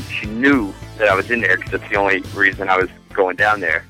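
A man with a bright, forceful voice that sits on the low side, telling a rambling story in casual chat. He is crude and loose and laughs through his own lines. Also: steady tone, fairly quick, hardly any pauses, soft background music, low-quality recording. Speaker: podcast guest.

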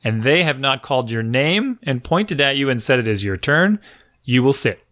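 A man's voice: medium pitch, normal speed. A man chatting casually about coaching kids' sports, acting out the kids and coaches in his stories. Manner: animated storytelling, acts out kids and coaches. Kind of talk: casual chat.

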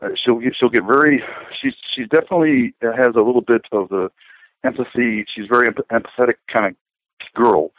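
A man's voice: medium pitch, brisk, no echo. A middle-aged man talking casually, rambling and hesitant, with many fillers and restarts. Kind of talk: casual conversation. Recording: dull lo-fi sound.

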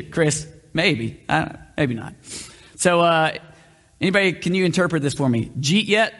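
A man's voice: fairly high pitch, lively intonation, measured pace, a bit bright. A male pastor preaching a conversational sermon, often asking the room questions. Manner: conversational, asks the room questions, varies pace. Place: church hall. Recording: long reverb of a hall.

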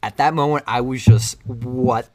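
A man's voice: medium pitch, measured pace. Rambling man retelling a movie. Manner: rambling, animated storytelling with quoted lines. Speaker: co-host recapping a film. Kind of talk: casual chat.

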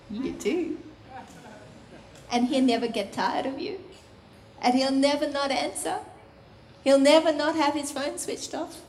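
A woman preaching a sermon in a soft, intimate, earnest way that often drops to a hush. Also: sits high, slight background noise. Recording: roomy echo.

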